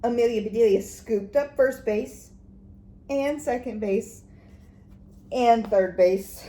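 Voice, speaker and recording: A woman teacher reading a children's book aloud, animated and expressive, with soft whispered asides to the listeners. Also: a little high, takes it slowly, pauses often. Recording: echoey room, faint background noise.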